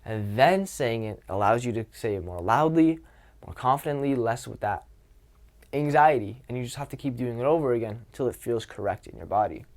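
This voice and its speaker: A young man coaching social skills in a casual, expressive way, swearing freely. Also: mid-range voice, brisk.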